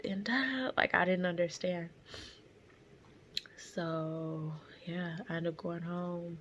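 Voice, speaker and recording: A woman's voice: on the low side, steady tone, takes it slowly, a bit bright, dull audio, a little hiss or hum. A young woman telling a painful personal story in her car, candid and tearful, with lots of slang and fillers. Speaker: vlogger.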